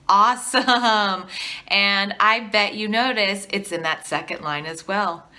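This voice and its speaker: A woman's voice: medium pitch, slow pace, very noisy. A woman teaching artist giving an educational video lesson, encouraging and asking the viewer questions, leading them to repeat after her. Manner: encouraging, asks the viewer questions and leads call-and-response.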